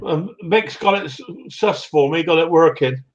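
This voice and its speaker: A man's voice: on the high side, moderate pace. Man, stream host, teasing, friendly, says mate a lot, dull lo-fi call audio. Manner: friendly, joking, addresses everyone as mate. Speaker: livestream host. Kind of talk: casual group video chat. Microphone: video call.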